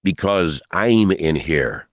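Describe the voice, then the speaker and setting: A stoic warrior monk, voiced by a man, keeps every word quiet and measured. The voice sits very deep and comes across dry and close. It is a calm, commanding audiobook portrayal. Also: no echo. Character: grim stoic male warrior monk, adult.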